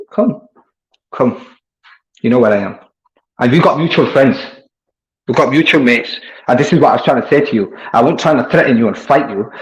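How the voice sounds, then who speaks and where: A man's voice: mid-range voice, highs cut off. A man, delivering a combative, taunting monologue aimed at an online rival. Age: 20s. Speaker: online commentator. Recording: roomy echo.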